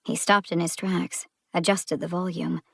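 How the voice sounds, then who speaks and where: A woman narrating a thriller audiobook in a measured storytelling style. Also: on the low side, steady tone, vocal fry, breathy edge, no room sound, studio quality.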